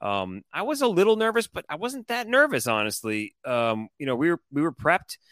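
A man telling a story on a podcast in a casual, animated, profane and rambling way. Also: a little high, moderate pace, no echo, clean studio sound. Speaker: co-host.

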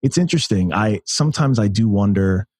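A man in his thirties from the United States, a podcast guest telling stories in a rambling, animated way and laughing often. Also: fairly low pitch, fairly quick, breathy edge, no echo, clean studio sound. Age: 30s. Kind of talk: casual interview chat.

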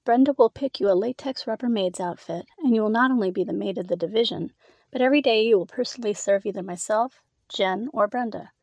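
A woman's voice: medium pitch, quick pace, a little mellow, no echo, close to an everyday voice. A woman voicing a cold, commanding female executive who taunts in an icy, clipped manner. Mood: taunting.

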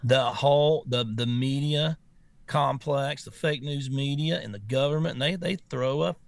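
Gravelly-voiced male co-host, blunt, rambling, dry close sound. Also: mid-range voice, normal speed, no room sound. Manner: blunt, rambling, repeats words. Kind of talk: casual talk show chat.

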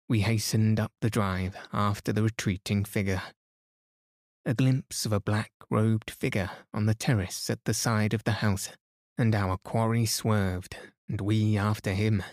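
A man narrating a classic detective story in a calm, steady bedtime reading meant to send listeners to sleep. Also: lowish voice, measured pace, dry recording, clean studio sound. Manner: soothing, steady. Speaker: podcast narrator.

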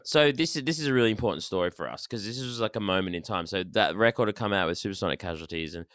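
A man, a band member telling stories loudly and animatedly, swearing freely in casual chat. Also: on the low side, expressive, rapid-fire, no echo, clean studio sound. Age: 30s. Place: rehearsal studio.

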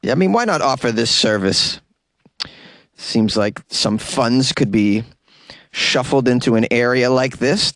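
A man's voice: medium pitch, lively intonation, measured pace, a bit bright, dry recording, studio quality. A man hosting a comedic news podcast from a closet, joking in asides as he reads stories. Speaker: podcast host. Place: closet in a home.

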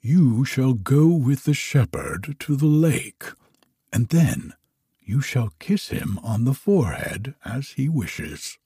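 A calm, commanding emperor from a fairy tale, read by a man speaks low, firm and reassuring. The voice is dark and husky, and the recording is close and dry. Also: slow, dry recording, exaggerated voice. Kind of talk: storybook reading.

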